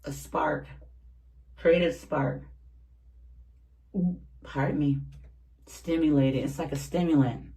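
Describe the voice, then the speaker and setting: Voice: medium pitch, slow pace, long pauses, low-quality recording. Chatty, slangy tarot reader. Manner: animated, slangy, chatty with frequent laughs. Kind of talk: casual tarot reading to camera.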